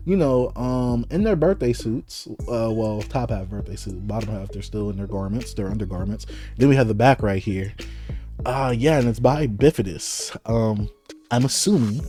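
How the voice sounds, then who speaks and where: Hyped young man with a mellow voice. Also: mid-range voice. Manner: hyped, playful, exclamatory with laughs. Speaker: YouTuber unboxing manga. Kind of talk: excited casual vlog.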